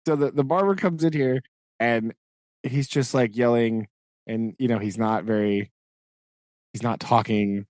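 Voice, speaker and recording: A man co-hosting a podcast, casually retelling book chapters with lots of fillers and quick acted-out quotes. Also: mid-range voice, a little mellow, dry recording, clean studio sound. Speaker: podcast co-host.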